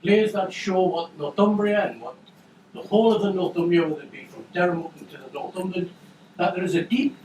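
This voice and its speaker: A man's voice: high voice, a little fast, darkish tone, slight background noise. A man hosting a book launch, talking in a rambling, jokey way with lots of restarts. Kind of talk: casual public remarks. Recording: echoey room from far off.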